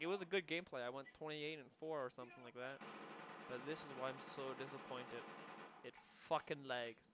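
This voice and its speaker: A man's voice: mid-range voice, background noise. A sixteen-year-old boy casually telling a rambling, funny story over his gameplay video, often breaking into laughter and swearing offhandedly. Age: teenager, 16. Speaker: gamer commentating his own gameplay video.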